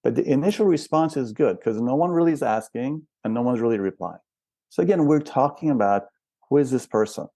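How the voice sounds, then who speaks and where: A man's voice: mid-range voice, lively intonation, a little fast, dark tone, dry recording. An older man, a spiritual counselor and guest, explaining patiently and asking rhetorical questions in a reflective interview.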